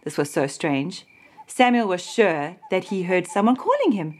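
A woman telling a Bible story to a child in a gentle, expressive manner. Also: on the low side, moderate pace.

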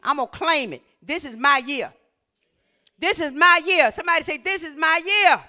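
A woman preacher delivering a sermon with call-and-response, slipping into sing-song scripture reading and building to shouts. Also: high-pitched, moderate pace.

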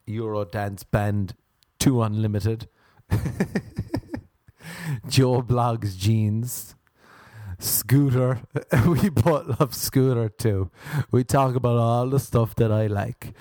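Male comic, animated delivery with acted-out voices, dry mic. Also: mid-range voice, no echo. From Ireland. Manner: animated, acts out voices, laughs at own jokes. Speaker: stand-up comedian. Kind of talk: stand-up comedy routine.

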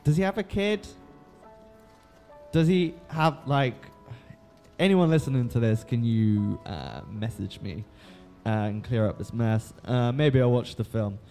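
A man's voice: medium pitch, animated, measured pace, long pauses, warm tone, faint music behind. A young man recapping a book in a loose, rambling way, swearing freely and filling gaps with ums and likes. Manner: swears freely, lots of fillers.

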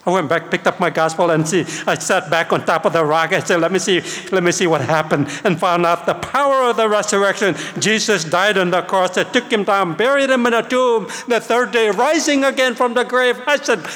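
An older man preaches a testimony, his voice set a little high for a man. He tells the story with animation and acts out his past self. The sound rings with the long reverb of a large hall. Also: brisk, few pauses, fairly bright tone. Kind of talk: sermon testimony.

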